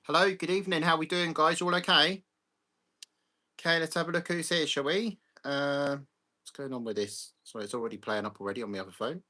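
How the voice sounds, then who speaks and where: A man's voice: a little high, a little fast, pushed and bright. A man hosting a casual live stream from his phone, greeting viewers by name and chatting bluntly. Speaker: livestream host.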